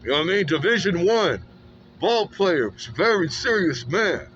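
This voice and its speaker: A man's voice: high voice, sing-song, moderate pace, a bit bright, lo-fi sound, a little hiss or hum. A man in an emphatic, repetitive, slangy street monologue, recorded outdoors. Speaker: street vlogger.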